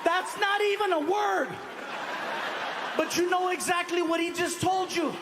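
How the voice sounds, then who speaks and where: A man doing stand-up comedy, telling stories in an animated way and laughing often. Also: very high voice, measured pace, crowd noise, noisy background. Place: comedy stage before a live audience.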